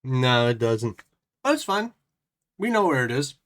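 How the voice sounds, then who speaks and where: A man on a casual live stream, reading story text aloud and chatting as he works through paper puzzles. His pitch swings widely and animatedly. He often drops into quiet, playful mutters to himself. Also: big pitch swings, a little slow.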